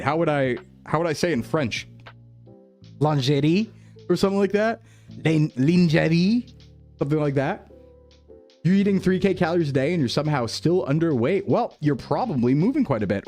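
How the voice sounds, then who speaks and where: A man's voice: on the high side, a little mellow. A man streaming, chatting casually with his viewers and laughing often. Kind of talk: casual chat reading chat.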